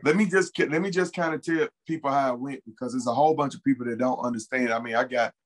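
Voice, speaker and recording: A man's voice: medium pitch, fast, low-quality recording. A man as an interview guest, telling a personal story in a casual, earnest way and repeating key phrases for emphasis.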